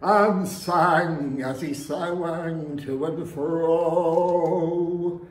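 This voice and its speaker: Male folk club performer, slow, high voice, echoey live room, comic patter song. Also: fairly even intonation. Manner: theatrical, with sudden shouted interjections. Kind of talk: comic music-hall song, half sung, half spoken. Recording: echoey room with faint ambience.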